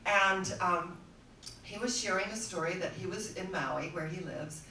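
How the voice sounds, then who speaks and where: A woman's voice: on the low side, unhurried. A woman speaker telling stories to a live audience and acting out the people in them. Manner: animated storyteller acting out quoted voices. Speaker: spiritual speaker. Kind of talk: storytelling talk to a live audience. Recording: roomy hall sound, voice from some distance, faint noise.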